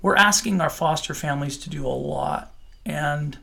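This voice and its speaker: A man's voice: on the high side, normal speed, vocal fry, bright, forceful tone. A middle-aged man working in child welfare, answering interview questions in an earnest, heartfelt way with many restarts.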